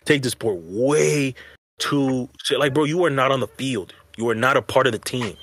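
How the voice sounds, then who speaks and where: A man's voice: medium pitch, normal speed, a bit bright, dry recording. Male podcast co-host, rambling slangy storyteller, dry close mic. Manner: rambling, slangy, many restarts. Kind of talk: casual chat.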